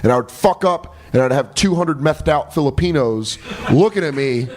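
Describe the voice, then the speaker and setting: A comedian guest on a podcast, telling profane, laughing anecdotes in casual chat. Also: male voice, fairly high pitch, animated, moderate pace, a little mellow.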